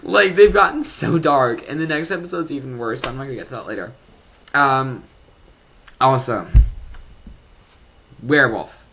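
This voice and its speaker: A young fan reviewing a TV episode in a casual vlog, rambling excitedly with lots of fillers and laughs. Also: medium pitch, normal speed, long pauses.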